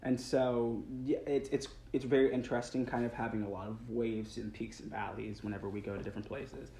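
A man's voice: mid-range voice, flat delivery, brisk, dark tone. A young man who acts on stage talks casually in an interview, earnest and rambling, with frequent restarts and little laughs. His voice rings in a roomy space. A faint background noise runs under the recording. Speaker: stage actor guest.

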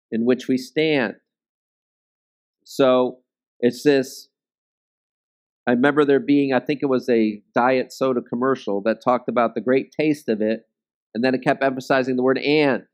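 A man teaching a Bible study in a conversational way, often checking in with "okay?" and "right?" and joking at his own expense. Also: mid-range voice. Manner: self-deprecating humor.

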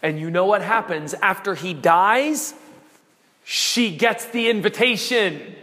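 A man preaches slowly in a high voice, acting out the voices of his story and shouting the strongest lines. His sermon rings through a church with a long, lingering reverb. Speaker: pastor. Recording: long reverb of a large hall.

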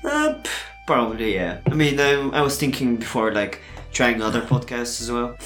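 Crude, teasing podcast co-host, echoey room. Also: male voice, medium pitch, big pitch swings, normal speed, fairly bright tone. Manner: crude teasing, swears freely. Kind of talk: casual podcast banter. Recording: echoey room with faint music.

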